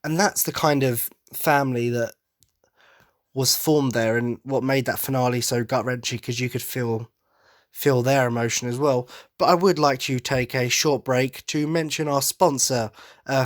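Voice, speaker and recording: A man's voice: medium pitch, steady tone, measured pace. A man hosting a podcast in a casual monologue, rambling and enthusiastic, often stopping to correct himself. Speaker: podcast host.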